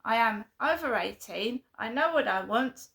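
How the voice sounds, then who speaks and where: A woman's voice: fairly high pitch, expressive, a little slow, vocal fry, a bit bright. A woman venting emphatically in a vlog, repeating her points in an aggrieved way. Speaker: vlogger.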